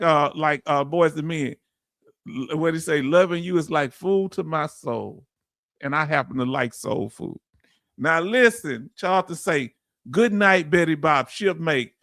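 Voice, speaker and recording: Southern man, live-stream host, slightly high voice, dry close sound, loose chatty delivery. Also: dry recording. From Southern United States. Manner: warm, chatty, with frequent fillers and restarts. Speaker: YouTube channel host. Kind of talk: live-stream chat shout-outs.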